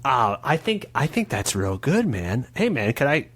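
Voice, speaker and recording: A man's voice: medium pitch, sing-song, moderate pace, a bit bright, slightly rough. A young man hosting a podcast, chatting casually with playful mock-sales bits and laughter. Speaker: podcast host. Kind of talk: casual comedic chat.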